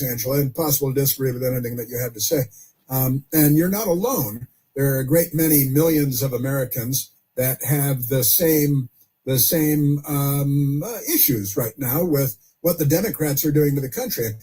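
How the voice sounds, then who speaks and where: A man's voice: mid-range voice, normal speed, dark tone, breathy edge. A man hosting a political call-in radio show, chatty, chuckling and often repeating himself. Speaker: radio talk show host.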